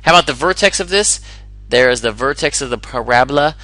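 A man's voice: mid-range voice, animated, a little fast, bright, forceful tone, dry recording, rough recording. A man teaching a recorded algebra lesson in an upbeat way, explaining step by step and asking the listener questions. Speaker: math teacher.

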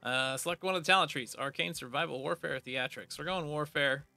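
A man's voice: fairly high pitch, a little fast, creaky, bright, forceful tone, soft background music. A man giving casual, playful commentary while playing a game, reading its text aloud with jokey asides. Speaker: gaming video creator. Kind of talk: casual let's play commentary.

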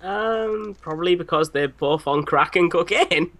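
A man's voice: sits high, measured pace, a bit bright. A man commenting on a game in casual chat, joking and giggly, swearing freely.

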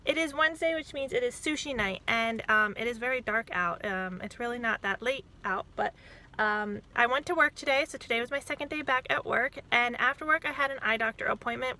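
A woman's voice: fairly high pitch, bright, forceful tone. A young woman chatting casually in a family vlog, rambling with many fillers. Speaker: vlogger, new mother.

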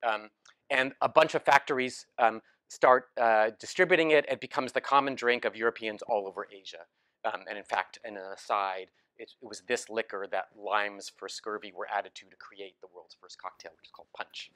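A man's voice: fairly low pitch, normal speed, sharp tone. A man giving a lecture with slides, telling it as a story in a casual way, with many ums and restarts. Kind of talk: academic talk with slides. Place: lecture hall.

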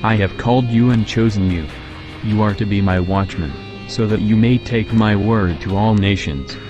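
A man voicing the Lord, deep and solemn. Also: muffled recording, music in the background, natural voice. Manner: slow grave pronouncements. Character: the Lord, solemn tender divine male voice.

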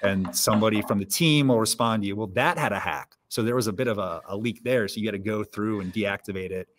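Casting: lower-voiced male podcast co-host, emphatic and direct, repeats key points. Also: quick pace, slight background noise. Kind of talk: casual chat.

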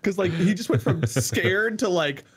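Man, podcast co-host, animated storyteller, somewhat high voice, casual chat. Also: measured pace, husky. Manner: animated anecdote telling, acts out quotes with laughter.

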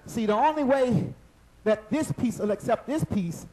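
A man preaching a sermon at a church service, lively and in call-and-response with the congregation, rising into shouts at the high points. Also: a little slow, slight background noise, low-quality recording.

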